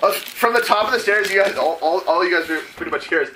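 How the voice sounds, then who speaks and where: A man's voice: sits high, quick pace, noisy background. A man running a tabletop role-playing game as game master, narrating casually with frequent fillers and laughter. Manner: laughing, rambling, lots of fillers.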